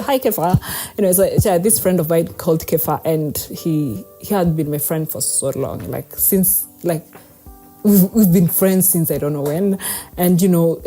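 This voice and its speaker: Young woman, podcast host, low-pitched, mellow, rambling casual storytelling, faint music behind. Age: young adult. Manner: chatty, rambling, laughs often, swears casually.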